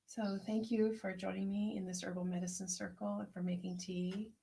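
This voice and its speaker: A woman herbalist hosting an online tea circle, speaking in a gentle, unhurried, prayerful way as she reflects and reads out messages. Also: mid-range voice, level tone, creaky. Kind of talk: reflective spoken meditation and chat reading.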